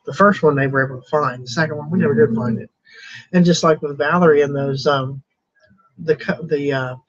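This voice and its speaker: A man with a slightly high, husky voice talks in a loose, rambling way, often chuckling at himself. The sound is dull and lo-fi. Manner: rambling, chuckling, self-deprecating. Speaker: thrift reseller streaming live. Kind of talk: casual live-stream chat.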